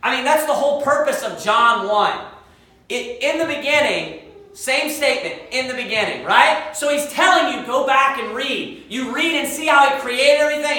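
A woman's voice: high voice, animated, a little fast, bright, forceful tone. A woman preaching a fervent sermon, quoting scripture in old-fashioned wording. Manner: fervent, quotes scripture in King James wording. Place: church sanctuary. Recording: very echoey church hall, mic at a distance.

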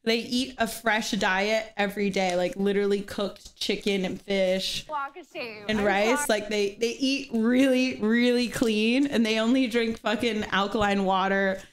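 A woman's voice: medium pitch, steady tone, normal speed, slight background noise. A young woman streamer chatting casually to viewers, often breaking into giggles as she talks. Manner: giggly, laughing through words.

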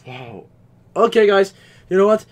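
A young man hosting a horror game playthrough, talking loud, swearing and bursting into screams. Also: high-pitched, sing-song, unhurried. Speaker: gaming channel host.

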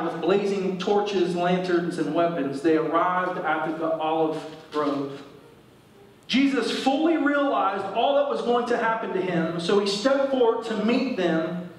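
During a church service, a pastor with a high-pitched voice reads scripture aloud and explains it to his congregation. The audio is very echoey, as in a large church hall, and he sounds somewhat distant from the microphone.

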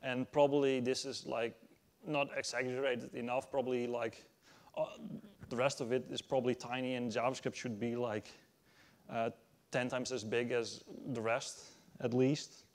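A man presenting a technical conference talk from a stage, halting and full of fillers as he explains. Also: mid-range voice, flat delivery. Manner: halting, many fillers and restarts. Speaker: conference speaker.

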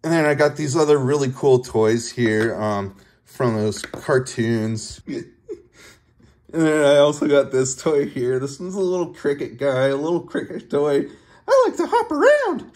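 A man casually showing off his toy collection, giggling often and talking haltingly with many fillers and restarts. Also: mid-range voice, a little mellow. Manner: giggly, laughs often between phrases. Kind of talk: casual show-and-tell video.

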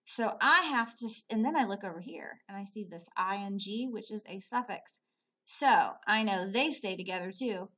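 A woman teaching a phonics lesson to children, sounding out words slowly, repeating them and praising often. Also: medium pitch, lively intonation, sharp tone. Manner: slow, patient, repeats words aloud for pupils; praises often, asks questions and answers them.

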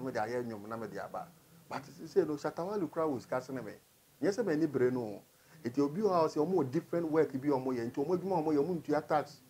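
A man with a Ghanaian accent, a gospel musician answering interview questions in an earnest, low-key way. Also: a little mellow, slightly rough. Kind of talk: interview answers with sung lines.

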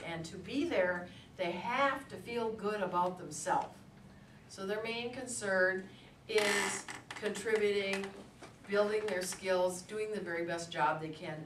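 A woman's voice: mid-range voice, background noise. A woman giving a conversational lecture to adults, telling stories as she goes. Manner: storytelling, conversational. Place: lecture room. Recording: echoey room from a distance, faint ambience.

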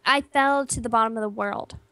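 A woman's voice: fairly high pitch, fairly quick, sharp tone, no echo. A young woman playing a game with a partner, chatting casually and grumbling sulkily. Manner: sulky, grumbling. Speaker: co-op player. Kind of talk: casual gameplay banter.

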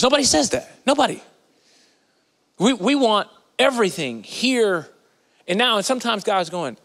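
A man's voice: sits high, big pitch swings, measured pace, pauses often, fairly bright tone, long reverb tail. A man preaching a sermon in a conversational, playful way with slangy asides, recorded in a church sanctuary.

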